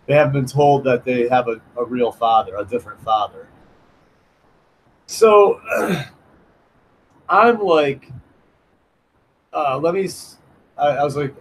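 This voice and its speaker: A man recounts a story in a loose, rambling vlog monologue, often restarting and slipping into the voices of the people he quotes. His voice sits at an ordinary middle pitch. A faint hum runs behind him. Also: low-quality recording. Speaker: vlogger.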